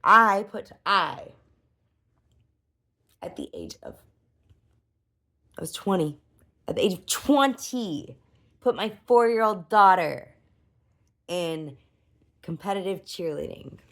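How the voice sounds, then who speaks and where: A woman's voice: mid-range voice, expressive, takes it slowly, long pauses, a bit bright. A woman in her thirties talking in a casual personal vlog, rambling with many restarts and fillers, emotional and easily worked up. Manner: rambling, restarts often, lots of "like" and "you know". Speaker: vlogger.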